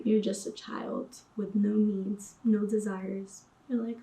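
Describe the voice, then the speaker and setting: A woman's voice: mid-range voice, little pitch movement, slow pace, warm tone, roomy sound, far from the mic. A woman vlogger talking casually about personal growth, chatty and full of slang. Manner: chatty, uses slang like sis and boo-boo. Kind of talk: casual spiritual vlog.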